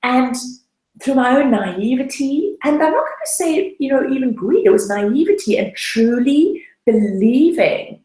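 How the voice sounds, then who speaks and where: A woman's voice: high voice, animated, measured pace, dark tone, roomy sound, low-quality recording. A woman coach giving a webinar talk, telling her own story in an earnest, personal way. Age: adult, past her late twenties. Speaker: debt-freedom coach.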